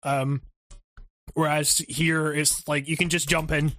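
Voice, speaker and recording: A man's voice: a little high, little pitch movement, slow pace, sharp tone. A man co-hosting a gaming podcast in casual chat, rambling and hesitant, swearing freely.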